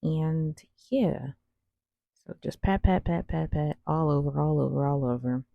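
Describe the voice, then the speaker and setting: Woman vlogger, lowish gravelly voice, rambling slangy voice-over, dry dull lo-fi sound. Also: steady tone, unhurried, no room sound. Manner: rambling, slangy, self-deprecating. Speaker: cosplay vlogger. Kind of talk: casual voice-over over makeup footage.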